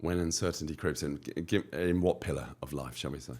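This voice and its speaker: Man, very low voice, British, podcast guest, emphatic, repeats phrases. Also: fairly quick, a little mellow. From United Kingdom. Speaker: guest entrepreneur. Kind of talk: podcast interview.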